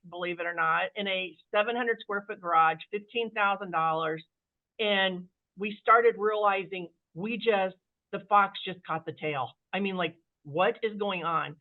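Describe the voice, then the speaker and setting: Woman, talkative storyteller, animated, narrow phone-like sound. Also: mid-range voice. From Kansas City area, USA. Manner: chatty, animated, acts out quoted voices. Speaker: interview guest, company CEO. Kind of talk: casual storytelling interview.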